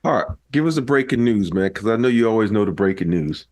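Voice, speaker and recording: A man hosting a casual sports podcast, relaxed and wry. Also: lowish voice, quick pace. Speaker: podcast host.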